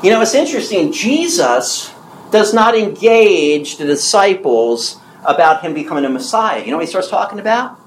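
A man in his sixties preaching a sermon with emphasis, asking the audience questions and repeating key phrases slowly. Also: sits high, animated, echoey room, slight background noise, poor audio. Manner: asks the audience questions and answers them.

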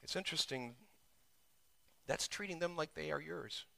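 Male pastor, sermon delivery; bright, slightly high voice; builds from hushed asides to loud emphatic peaks. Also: normal speed, vocal fry. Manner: preaching with sudden surges in pitch and volume. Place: church.

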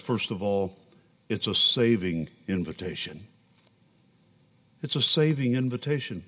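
A man's voice: on the low side, expressive, a little slow, long pauses, pushed and bright. A man preaching a sermon as a pastor in a church sanctuary, emotional and at times urgent. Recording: long reverb in a large sanctuary.

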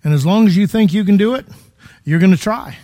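A man's voice: sits high, brisk, mellow. A man preaching a sermon in a conversational, emphatic way, full of rhetorical questions, in a church.

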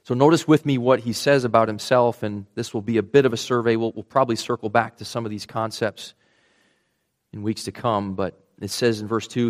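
Male pastor, mid-pitched voice, earnest sermon delivery with hushed tender stretches. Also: steady tone, fairly quick. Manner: earnest, restarts words, drops to a soft hush for tender moments.

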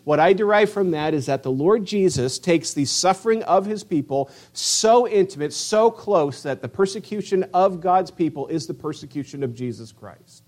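A middle-aged male pastor preaching a sermon with passion, acting out quoted voices and swinging from loud declarations to hushed asides. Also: high-pitched, expressive, normal speed, hardly any pauses.

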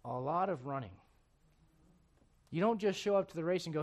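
A man preaching a sermon. He swings between quiet, close asides and loud, emphatic preaching, and keeps asking his listeners rhetorical questions. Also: on the high side, expressive, moderate pace, pauses often. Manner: asks the congregation rhetorical questions.

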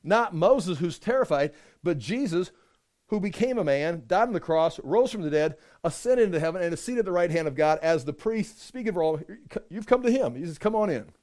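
A man preaching a sermon, animated, acting out quick voices and asides as he reads and explains scripture. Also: high-pitched. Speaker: pastor.

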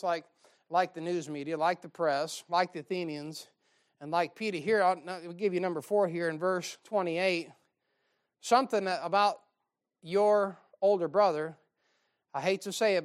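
A man preaching a sermon, reading old-style scripture aloud and cracking sarcastic jokes with many rhetorical questions to the congregation. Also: high-pitched.

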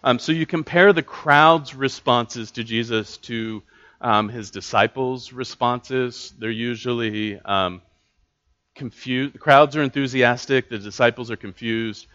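A man's voice: medium pitch, unhurried, fairly bright tone, lo-fi sound. A man teaching a Bible study class in a casual way, with many fillers and restarts.

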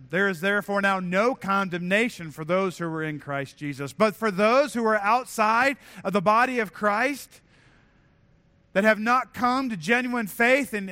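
In a church sanctuary, a pastor delivers a sermon in a voice that's high for a man, bright and forceful. His manner is earnest and conversational, and he frequently doubles back on his own words.

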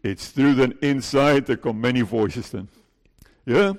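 A man's voice: mid-range voice, a little slow, in a large hall. A male pastor preaching an earnest sermon, pleading and putting questions to his congregation. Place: church.

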